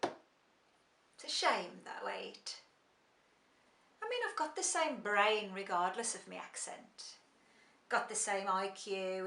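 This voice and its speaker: In a monologue drama, an actress plays a middle-aged working-class woman turned executive, talking in a Black Country accent in a wry, confiding way and switching to a clipped posh work voice. Her voice is fairly high and a bit bright, with a roomy sound.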